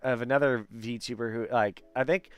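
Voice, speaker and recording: A man's voice: medium pitch, fairly even intonation, moderate pace, clear, resonant tone, no room sound. A man hosting a casual chat show, talking chattily with many fillers and frequent laughs. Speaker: host.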